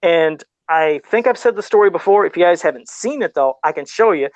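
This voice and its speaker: A man's voice: a little high, lively intonation, brisk, no echo, dull audio. A middle-aged man in casual podcast chat, laid-back and self-deprecating, often laughing at himself while talking about toy customs.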